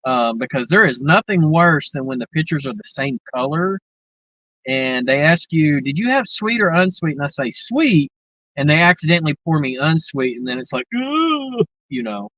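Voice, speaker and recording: A man's voice: medium pitch, brisk, bright, forceful tone, dry recording, lo-fi sound. A man from the American South with a Southern accent, hosting a livestream and chatting to viewers in a rambling, drawling way full of fillers. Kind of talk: casual chat.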